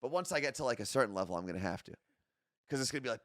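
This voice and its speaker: A man's voice: medium pitch, lively intonation, racing, no room sound, clean studio sound. A man co-hosting a casual morning show, joking and poking fun at himself. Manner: joking, self-mocking. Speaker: podcast co-host.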